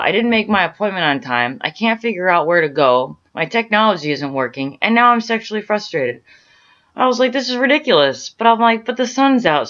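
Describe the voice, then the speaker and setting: A woman's voice: low-pitched, fairly bright tone, lo-fi sound. A young adult woman vlogging, rambling through a story of her day with many fillers and restarts. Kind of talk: casual storytelling monologue.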